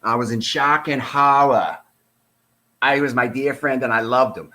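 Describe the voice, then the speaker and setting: A man's voice: medium pitch, unhurried, bright, forceful tone. A man quoting a woman witness who claims to grieve, mocking her sarcastically in his own voice.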